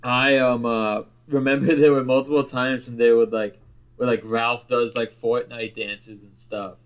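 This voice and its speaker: A man's voice: medium pitch, level tone, measured pace, clear, resonant tone. A young man co-hosting a podcast, chatting casually, joking and swearing a lot. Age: young adult. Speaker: podcast co-host. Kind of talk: casual chat.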